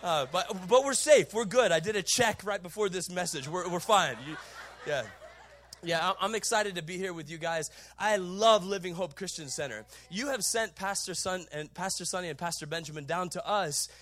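A middle-aged male pastor preaching a sermon, telling a story in an animated way with loud bursts and laughs. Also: sits high, moderate pace. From Southern California. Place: large church auditorium.

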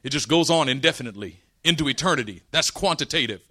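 A man's voice: medium pitch, fast. A man preaching a sermon, mixing scripture with funny family stories and laughing often. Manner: animated storytelling, laughs often.

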